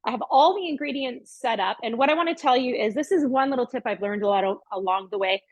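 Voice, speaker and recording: A woman's voice: fairly high pitch, quick pace, dry recording. A middle-aged woman hosting a casual cooking demonstration in her home kitchen, chatting upbeat as she works. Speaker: cooking show host. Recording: dry, dull lo-fi sound.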